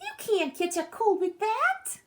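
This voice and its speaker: A woman voicing a cheerful, playful young male squirrel in a storybook read-aloud, very high and teasing. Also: very animated, unhurried, exaggerated voice.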